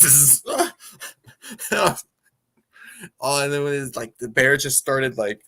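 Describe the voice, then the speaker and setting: A man co-hosting a podcast in casual chat, excitable and amused as he talks. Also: mid-range voice, slow pace, pauses often. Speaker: movie review podcast co-host.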